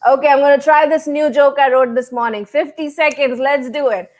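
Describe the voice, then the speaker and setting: A woman from India doing a short stand-up set with quick, light jokes. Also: high-pitched, steady tone, darkish tone. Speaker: comedian contestant.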